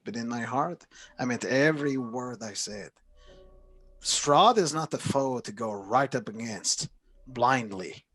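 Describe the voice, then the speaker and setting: A man doing a persuasive wandering bard with a husky, slightly breathy voice, pleading his case earnestly. There is faint music in the background. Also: mid-range voice.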